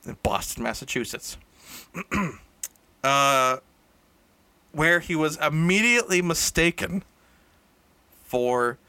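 A man improvises a comic story in a loose, wandering style, correcting himself mid-sentence and laughing at his own jokes. His voice is bright, ringing, clean and somewhat high, expressive but slow with long pauses. The recording is close and dry, made in an indoor room he shares with a co-host.

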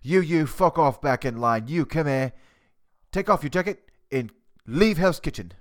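A man's voice: on the high side, animated, moderate pace, lightly acted. A man impersonating a furious, foul-mouthed male TV head chef who barks insults and clipped commands at cooks. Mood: dismissive. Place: home basement. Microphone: cheap desktop USB mic.

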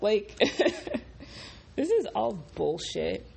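A groggy young woman who just woke up, talking in a casual vlog with profane, animated, exasperated ranting. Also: fairly low pitch, a little slow, slightly rough. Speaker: vlogger.

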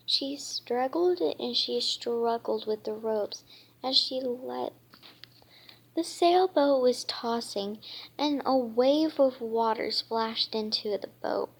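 Slow, stumbling woman reading aloud. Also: fairly high pitch, gravelly, breathy edge, rough recording. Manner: halting, stumbling reading with many restarts. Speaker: reader. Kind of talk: reading a children's book aloud.

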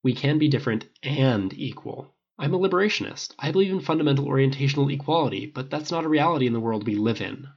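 Guy reading as a cocky sarcastic man, swears a lot, husky rough voice. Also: medium pitch, expressive, quick pace, few pauses, muffled recording, pitched above the performer's own voice. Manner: blunt, flippant and profane. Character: brash sarcastic man, quick and defensive.

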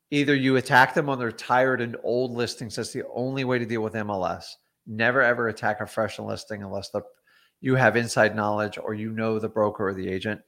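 A man's voice: on the low side, a bit bright. A middle-aged man, a real estate investor, teaching wholesaling in a casual livestream, blunt and chatty with frequent ums and asides.

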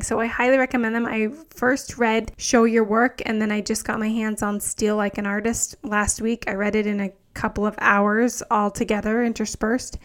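A woman in her thirties hosting a solo podcast as a coach, chatty and enthusiastic, with lots of "like" fillers. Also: a little high.

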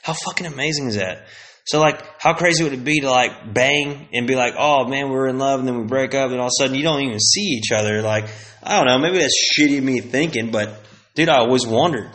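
A man's voice: medium pitch, brisk, fairly bright tone. A man in his thirties hosting his own podcast, rambling casually with lots of slang, swearing and fillers. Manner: profane, rambling, slangy, many fillers and tangents. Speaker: podcast host.

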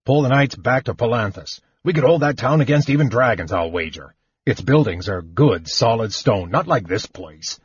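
A man voicing a grumpy, scornful old male dwarf who talks gruffly, on a muffled lo-fi recording. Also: mid-range voice, expressive, normal speed, dry recording. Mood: grumbling. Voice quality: gruff, snappish.

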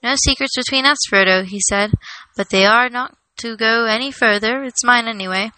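Excitable young hobbit man for a storybook reading, high and bright, eager, played by a woman. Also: moderate pace, low-quality recording. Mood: earnest. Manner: eager, rising exclamations.

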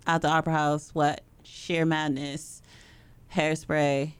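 A woman's voice: low voice, level tone, slow, clear, resonant tone, dry recording. A woman in casual chat, bluntly giving opinions and laughing often.

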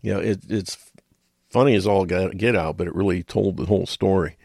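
A man's voice: sits low, steady tone, brisk, vocal fry, darkish tone, husky, no room sound, studio quality. A middle-aged man hosting a radio talk show, rambling in a folksy way with chuckles and muttered asides.

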